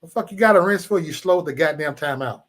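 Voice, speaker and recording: A man's voice: on the high side, expressive, fairly quick, a bit bright. A man hosting a live stream, ranting profanely at chat trolls in a loose, mocking way. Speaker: livestream host.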